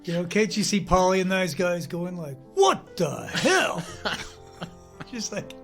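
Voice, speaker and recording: A man's voice: high-pitched, fairly even intonation, normal speed, a bit bright, faint music behind. Chatty rambling podcast man. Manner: rambling, storytelling, frequent "you know". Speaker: podcast co-host. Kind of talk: casual chat.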